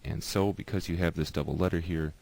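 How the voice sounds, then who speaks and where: A man giving a patient, explanatory lesson, slowly repeating each example word. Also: low-pitched, fairly even intonation, creaky, darkish tone. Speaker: teacher.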